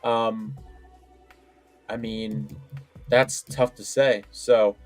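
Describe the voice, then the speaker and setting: A man's voice: lowish voice, steady tone, extremely slow, soft background music. A man co-hosting a casual wrestling podcast, talking in a hesitant way with many fillers and restarts. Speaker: podcast co-host.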